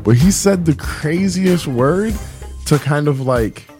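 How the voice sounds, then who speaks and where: A man co-hosting a podcast, telling stories in relaxed slang with plenty of swearing. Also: fairly high pitch, takes it slowly, soft background music. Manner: laid-back storytelling with slang and swearing. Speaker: podcast co-host. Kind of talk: casual podcast banter.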